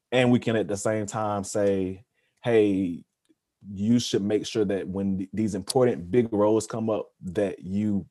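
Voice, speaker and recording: A man with a lowish voice and a warm, mellow tone, talking in a podcast conversation. He speaks earnestly, hammering a point through repetition, then drops into quieter asides. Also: no echo, studio quality. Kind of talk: casual discussion.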